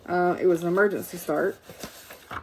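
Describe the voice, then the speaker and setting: A woman with a lowish, darkish voice shows her cross-stitch works in progress in a casual vlog chat. She's tired and yawning, rambles with fillers, and keeps correcting herself. There's slight background noise.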